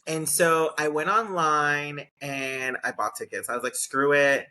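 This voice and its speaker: A podcast host chats casually and tells stories with lots of energy, often acting out what people said. The voice is bright and forceful and sits in a middle pitch. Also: a little slow. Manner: animated storyteller, acts out quotes, laughs. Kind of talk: casual chat.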